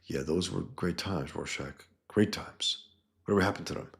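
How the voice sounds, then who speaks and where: A man's voice: low voice, normal speed, creaky, fairly bright tone. A man voicing a retired male masked hero who speaks mildly and hesitantly. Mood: uneasy.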